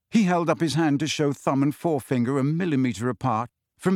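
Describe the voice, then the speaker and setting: A man narrating an audiobook in a measured storytelling manner. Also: on the high side, darkish tone, no echo, studio quality. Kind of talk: scripted narration.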